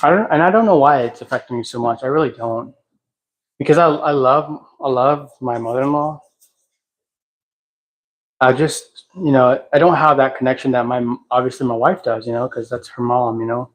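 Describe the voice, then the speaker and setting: A man hosting a casual livestream at home, talking in a reflective, halting way and sometimes singing softly. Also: mid-range voice, fairly even intonation, rough recording. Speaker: livestream host. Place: at home, cleaning a house.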